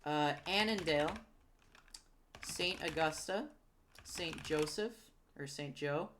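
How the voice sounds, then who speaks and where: A woman recalling and naming towns out loud, hesitant with many ums, correcting herself and apologizing for her pronunciation. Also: sits low, slow pace, slight background noise. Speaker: geography video creator. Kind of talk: casual recall while typing.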